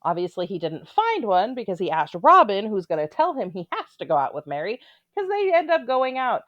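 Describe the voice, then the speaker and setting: A woman's voice: mid-range voice, wildly swooping pitch, fairly quick, no echo, lo-fi sound. A woman giving casual, opinionated commentary on a reality show, with blunt, sarcastic asides.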